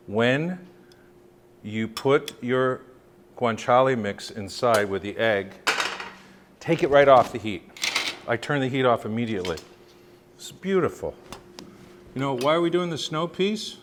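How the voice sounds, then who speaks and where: A man cooks at the stove and talks as he goes, loose and joking, like a chef walking viewers through a dish. His voice sits at a middle pitch. Frying and sizzling are clearly heard behind him. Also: a little slow, long pauses. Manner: chatty, joking, lively asides. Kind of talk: cooking demonstration. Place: kitchen, cooking at the stove. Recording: sizzle and kitchen noise. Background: sizzling pan.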